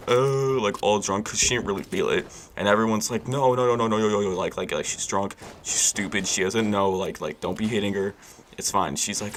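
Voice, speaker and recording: Young guy with a real low gravelly voice telling a story, loose and slangy, faint hiss behind. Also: fairly bright tone. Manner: laid-back, rambling, slangy. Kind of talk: casual story time.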